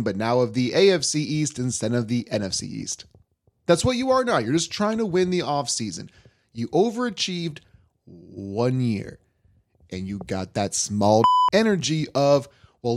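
A man hosting a sports talk podcast, ranting in a worked-up, animated way. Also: mid-range voice. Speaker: podcast host.

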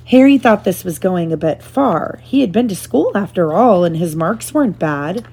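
A woman reading a chapter book aloud to her child in a steady, gentle narrating manner. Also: on the low side, normal speed, breathy edge.

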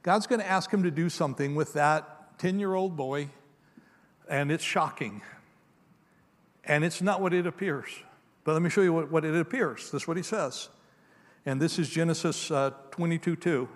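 Male pastor, slightly high voice, conversational sermon, long hall reverb. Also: moderate pace. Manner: conversational storytelling, swinging between emphatic and hushed.

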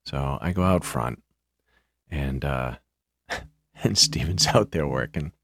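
A man hosting a podcast, telling a story casually in a halting way, often repeating words, with dry understatement. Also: very deep voice, a bit bright, no room sound. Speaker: podcast host.

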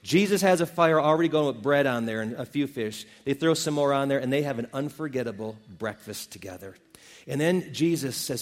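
A man's voice: medium pitch, lively intonation, a little fast, in a large hall. A male pastor preaching a sermon, retelling scripture stories in a casual, folksy way.

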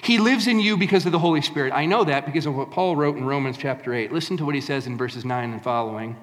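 A man's voice: on the high side, fast, long reverb tail. A man preaching a sermon, emphatic, repeating key phrases. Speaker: pastor.

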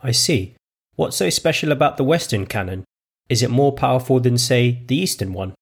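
A cheerful, simple-minded young woman, voiced by a man reading the story. She chirps along in a lilting, raised voice that keeps a gravelly, husky grain underneath. It suits a storybook reading. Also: medium pitch, animated, normal speed. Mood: innocent, chirpy.

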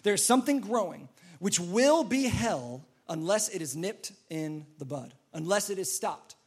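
A man's voice: sits high, expressive, unhurried, darkish tone, breathy edge. A man preaching a sermon in an earnest, repetitive way, now and then acting out pleading voices. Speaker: pastor.

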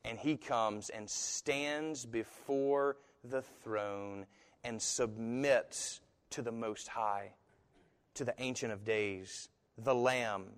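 A man preaching a sermon as pastor, talking in a conversational, animated storytelling way with asides. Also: mid-range voice, takes it slowly, smooth. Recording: echoey hall.

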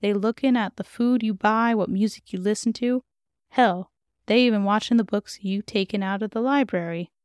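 A woman voicing a blunt, suspicious, outspoken middle-aged neighbor who talks in a sharp, preachy way. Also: mid-range voice, normal speed, no echo, studio quality, close to an everyday voice.

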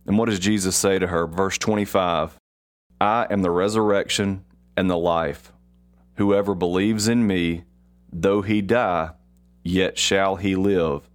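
A man hosting a devotional podcast, reading Bible passages and commenting, slow and deliberate, repeating key phrases for emphasis. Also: low-pitched, fairly even intonation, faint music behind. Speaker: podcast host.

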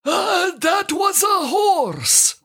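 A woman voicing a bumbling married man in a scripted comedy sketch, speaking halting broken English full of "uh" fillers. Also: very high voice, sing-song, creaky, a bit bright, heavily acted. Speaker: co-host of a comedy show.

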